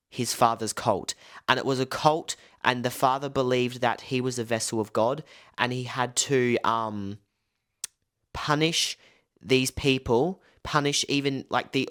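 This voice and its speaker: A man's voice: mid-range voice, fairly bright tone. Young male film reviewer, casual and rambling, heavy on "like" and "um". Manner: loose, rambling, full of "like" and "um". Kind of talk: casual spoken film breakdown.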